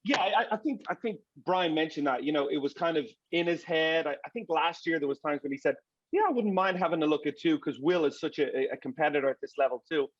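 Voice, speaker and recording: A man with a fairly high voice talks soccer on a panel in an animated way, often restarting his words. His audio is muffled and dull, and it sounds dry and close. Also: fast talker, few pauses, no echo. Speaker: soccer broadcaster. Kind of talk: casual panel discussion.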